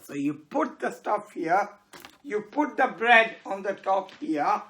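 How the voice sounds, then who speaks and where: A teacher telling a moral story to children, pausing to explain words as they go. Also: mid-range voice. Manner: explains words, slow and animated.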